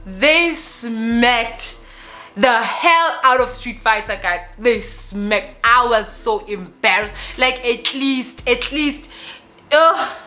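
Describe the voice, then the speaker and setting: A young South African woman telling a story to camera in a lively, casual way, slipping Zulu phrases into her English. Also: on the high side, takes it slowly, faint music behind. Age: young adult. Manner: animated, mixes in Zulu phrases. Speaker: vlogger.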